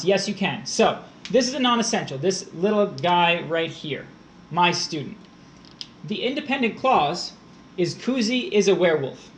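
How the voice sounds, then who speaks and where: A high-pitched male voice teaching a live-streamed grammar lesson. He walks through punctuation rules one step at a time and breaks off to answer viewers in chat. A faint hiss sits under his voice. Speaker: test prep tutor.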